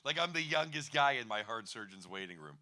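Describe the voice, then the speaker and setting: A middle-aged man performing stand-up with a bright, clear voice at mid pitch. He delivers wry, self-deprecating bits with a chuckle. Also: lively intonation, a little fast. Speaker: stand-up comedian. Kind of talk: stand-up comedy set.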